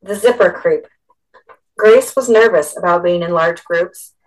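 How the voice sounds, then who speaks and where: A woman narrating a storybook with a steady, expressive delivery. Her voice sits slightly low for a woman. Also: measured pace, poor audio. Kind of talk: storybook reading.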